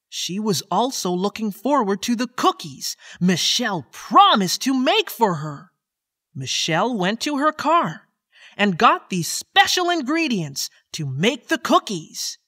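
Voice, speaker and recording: A woman narrating a children's story in a slow, expressive read-aloud manner. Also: medium pitch.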